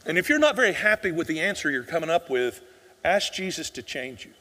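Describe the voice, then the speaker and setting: A man's voice: fairly high pitch, big pitch swings, fairly quick, bright, forceful tone, big-room sound. A male pastor preaching a sermon, asking the congregation rhetorical questions and sometimes dropping almost to a whisper for emphasis.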